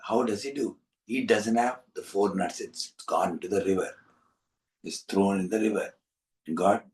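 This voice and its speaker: A man, hosting a storytelling session for young listeners in an animated, repetitive, coaxing way. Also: lowish voice, a little slow, distant mic, rough recording. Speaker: storyteller and host.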